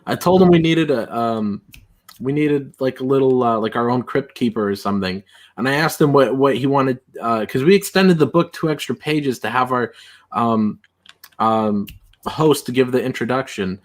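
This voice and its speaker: A man's voice: medium pitch, expressive, moderate pace. Rambling man hosting a livestream. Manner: rambling, lots of fillers and restarts. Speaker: livestream host. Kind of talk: casual livestream chat.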